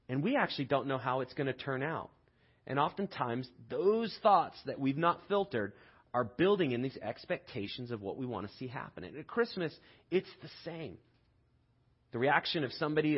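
A man gives a sermon in an easy, conversational way, asking his listeners to picture the scene. His voice is somewhat husky. The recording sounds dull and lo-fi. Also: mid-range voice. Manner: conversational storytelling, rhetorical questions. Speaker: pastor.

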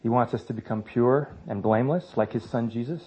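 A man's voice: mid-range voice, a little fast, darkish tone. A man in his thirties speaking to a church congregation about parenting, in a conversational way with self-mocking humor. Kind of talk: church talk. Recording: slightly dull lo-fi sound.

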